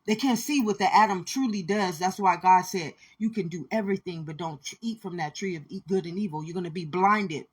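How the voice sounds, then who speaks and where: Husky-voiced woman preaching with intensity. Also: on the low side, brisk, few pauses. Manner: intense, repetitive, preachy, addresses listeners directly. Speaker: spiritual speaker. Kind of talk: impassioned spiritual monologue.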